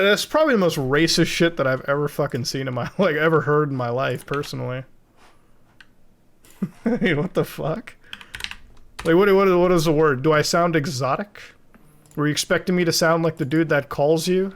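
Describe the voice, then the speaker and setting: A man's voice: fairly high pitch, fairly bright tone. A young man streaming from home while editing video, chatting casually and rambling with lots of swearing and laughing asides.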